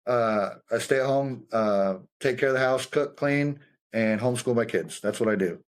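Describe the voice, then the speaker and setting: A young adult man with a middle-pitched voice tells army stories with a loose, profane energy. He swears constantly and acts out the sergeants he quotes. His pitch climbs when he gets worked up. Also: normal speed. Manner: profane, animated storytelling with quoted dialogue. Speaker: guest, combat veteran. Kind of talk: casual storytelling conversation.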